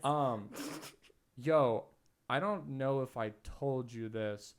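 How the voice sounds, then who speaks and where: Young man, podcast host, casual chat, rambling storyteller, filler-heavy, mid-pitched. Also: takes it slowly. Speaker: podcast host and stand-up comic.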